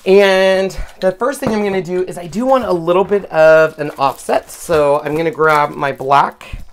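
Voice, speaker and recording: A woman's voice: on the low side, normal speed. A woman hosting a craft demonstration, chatting casually and laughing at herself while she works. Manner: chatty, self-deprecating, laughs often. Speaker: craft channel host. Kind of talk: casual craft demo chat.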